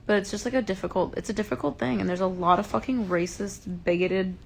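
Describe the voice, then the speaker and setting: A woman's voice: medium pitch, fairly even intonation, quick pace, gravelly, slight background noise. A young woman hosting a casual livestream from home, passionately ranting and swearing, openly upset. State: upset and enraged. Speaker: livestream host. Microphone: phone.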